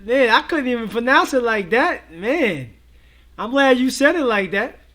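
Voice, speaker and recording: A high-voiced man chats easily with his viewers, full of slang and strings of yeah, yeah. His talk is loose and relaxed, the style of a casual livestream co-host. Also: a little slow. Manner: laid-back, slangy, many repeated fillers. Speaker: co-host of a reaction show.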